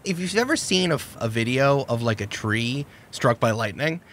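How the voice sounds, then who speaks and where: A man running a tabletop game as game master, with an animated, excitable delivery. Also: medium pitch, normal speed.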